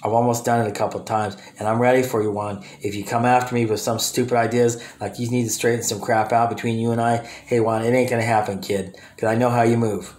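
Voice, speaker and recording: A man's voice: mid-range voice, level tone, fast, hardly any pauses, darkish tone. A man ranting to camera in a confrontational way, speaking directly to absent people and often restarting his sentences. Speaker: vlogger. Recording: roomy echo.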